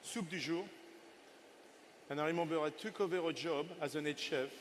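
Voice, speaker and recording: An older man in his sixties, a chef running a live cooking demo on stage. His voice sits a bit high for a man, and he chats playfully with his helpers and the audience as he works. A faint hum of ambient noise sits behind him. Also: normal speed. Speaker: chef giving a cooking masterclass.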